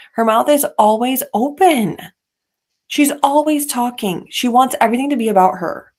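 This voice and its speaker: A woman's voice: a little high, a little mellow. Chatty opinionated woman podcast host. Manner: opinionated, chatty, petty asides. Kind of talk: casual reality-TV gossip commentary. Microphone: podcast mic.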